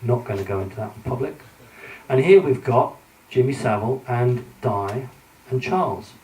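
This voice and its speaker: With a mid-range, faintly mellow voice at a normal pace, a British speaker walks an audience through slides at a conference. He's earnest and warning in tone but restarts often and uses many fillers. The recording is distant and echoey, made in a large hall with faint hiss.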